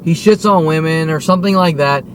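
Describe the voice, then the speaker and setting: A man's voice: a little high, brisk, slight background noise. A man in his forties delivering a heated, profane rant to camera, repeatedly demanding "okay?". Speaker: vlogger. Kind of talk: angry ranting monologue.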